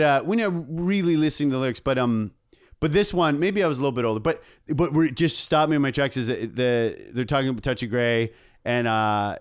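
A man chatting casually on a podcast as a guest, earnest and a little rambling, circling back on his own sentences. His voice is smooth and resonant, sitting at a middle pitch. The sound is dry and close. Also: no room sound. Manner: rambling, earnest, halting with restarts. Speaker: comedian guest.

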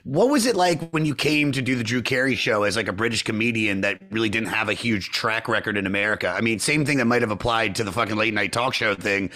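A man's voice: on the low side, quick pace, few pauses, sharp tone. A man hosting a podcast who asks questions and chats in a loose, enthusiastic way, with plenty of swearing. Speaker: podcast host. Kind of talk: casual podcast interview.

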